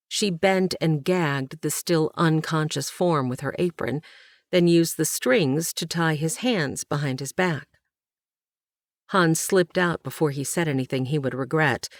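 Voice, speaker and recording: Casting: low-voiced woman narrator, slow measured reading, dry close mic. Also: no echo. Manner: measured, even storytelling. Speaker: audiobook narrator. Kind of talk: scripted narration.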